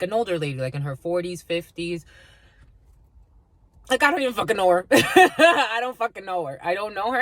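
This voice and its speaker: A woman's voice: on the low side, no echo. A woman giving a casual spiritual reading to camera, blunt and swearing freely, often breaking into laughter and calling her viewers "my lovies". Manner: animated, laughs often mid-sentence. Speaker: spiritual reader and channeler.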